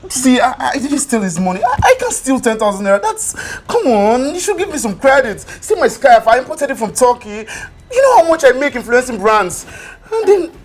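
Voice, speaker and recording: A vain, dramatic influencer. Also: female voice, high voice, big pitch swings, moderate pace, a little hiss or hum. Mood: self-pitying. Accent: Nigerian. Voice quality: theatrical, self-pitying. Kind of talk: Nollywood film acting.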